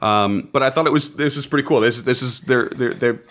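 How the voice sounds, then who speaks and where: A man's voice: medium pitch, brisk, a bit bright. A man hosting a casual podcast, reading out folklore notes with enthusiasm and laughing often. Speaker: podcast host.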